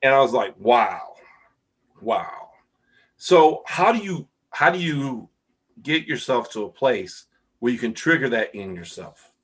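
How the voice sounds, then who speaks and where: A man's voice: mid-range voice, animated, moderate pace, a bit bright, husky. A middle-aged man hosting a podcast, chatting casually and reacting with enthusiastic wows. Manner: enthusiastic, repeats "wow". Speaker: podcast host. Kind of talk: casual interview chat.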